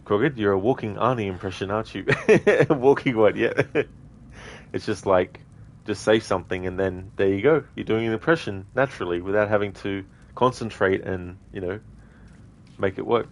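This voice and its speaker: A man's voice: fairly low pitch, normal speed. An Australian man streaming a video game, chatting casually and rambling with many fillers. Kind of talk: casual commentary.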